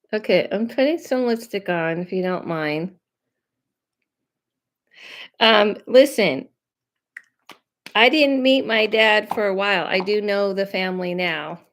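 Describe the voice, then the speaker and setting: A woman hosting a live stream as a psychic medium, talking casually and reassuringly and drifting off on tangents. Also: mid-range voice. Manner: rambling and chatty, drifting off on tangents; reassuring and conversational, often checking in with listeners. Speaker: psychic medium livestream host. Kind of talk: casual live-stream chat giving readings.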